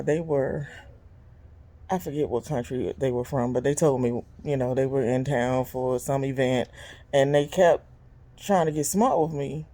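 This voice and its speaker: A woman in her fifties, hosting her own vlog, vents in a blunt, casual monologue. She is animated and exasperated, with sudden leaps in pitch and occasional laughs. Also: measured pace. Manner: animated and exasperated, big jumps in pitch when quoting people; blunt and conversational, with frequent laughs. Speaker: vlog host and business owner.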